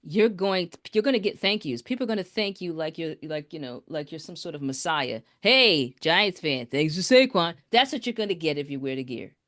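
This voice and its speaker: A woman's voice: sits low, animated, fast talker, hardly any pauses. A middle-aged woman chatting casually with her son on a reaction stream, chiming in with rambling, hesitant remarks. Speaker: co-host, the son's mother.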